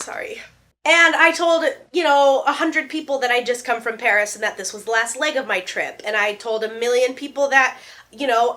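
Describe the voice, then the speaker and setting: Bright chatty woman in her thirties. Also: on the high side. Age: 30s. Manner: chatty, animated, jokey asides and playful put-on voices. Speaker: vlogger. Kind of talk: casual chat.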